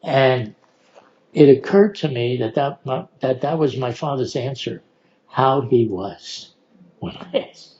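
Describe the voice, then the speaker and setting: An older man telling personal stories in an unhurried way, laughing often as he goes. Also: mid-range voice, expressive, a little mellow, dull audio. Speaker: oral history storyteller. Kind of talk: relaxed personal storytelling.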